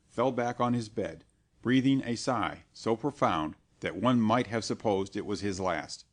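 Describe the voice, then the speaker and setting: Male audiobook narrator, steady and even; slightly low voice. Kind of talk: scripted narration.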